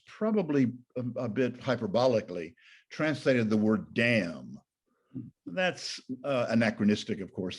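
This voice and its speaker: A man's voice: medium pitch, slightly rough. An older man, a pastor teaching a Bible study in a thoughtful, digressive way, correcting himself often. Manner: thoughtful, digressive, with frequent fillers and self-corrections. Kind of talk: informal Bible lecture.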